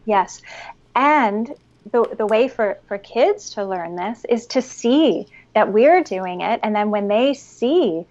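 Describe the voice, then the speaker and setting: A woman giving expert parenting advice as a podcast guest, calm and instructive, at times guiding a breathing exercise. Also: on the high side, slow pace, highs cut off. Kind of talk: explanatory interview talk.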